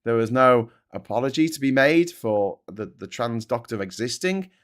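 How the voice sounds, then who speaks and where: A man's voice: medium pitch, expressive, normal speed. A middle-aged man hosting a casual morning show, reviewing headlines in a sweary, sarcastic and openly vexed way. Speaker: host. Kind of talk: casual commentary on newspaper headlines.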